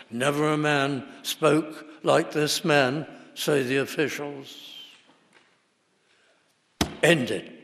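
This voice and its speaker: A man preaching slowly and deliberately, his fairly high voice carrying through a large hall with a long echo. He leans hard into key words, building to forceful bursts. The sermon style is old-fashioned and measured. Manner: emphatic, rising to forceful bursts.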